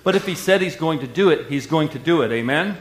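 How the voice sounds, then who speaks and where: A male pastor preaching a sermon with energetic call-and-response delivery. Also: fairly high pitch, brisk. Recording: echoey hall.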